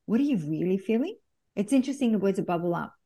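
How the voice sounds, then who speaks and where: A woman's voice: medium pitch, animated, fast talker, mellow. A woman hosting a podcast interview, chatting casually, open and engaged as she shares her feelings. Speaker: podcast host.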